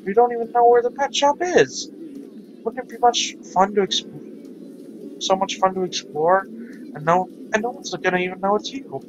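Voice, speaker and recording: Man reading a bubbly young heroine in a visual-novel playthrough, eager, pitched up a little. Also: normal speed, dull audio, noisy background, lightly acted. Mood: pleading. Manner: pleading, bouncy.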